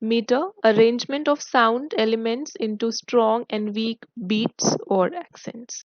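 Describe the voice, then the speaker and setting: A woman teacher explaining a poem's devices to her students in a recorded online lesson, speaking in a measured, explanatory way. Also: fairly high pitch, no room sound, dull audio. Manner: slow, explanatory, addresses students. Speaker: school English teacher.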